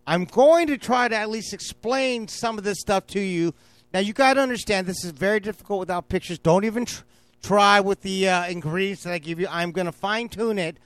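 Excitable high-voiced man hosting a cooking show. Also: smooth, dry recording. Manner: excitable, scattered, self-mocking. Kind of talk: rambling home cooking show.

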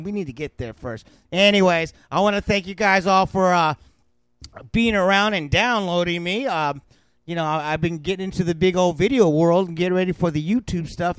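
A man hosting a comedic cooking podcast, loud and mocking, insulting his listeners and yelping now and then. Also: high voice, dry recording. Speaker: podcast host.

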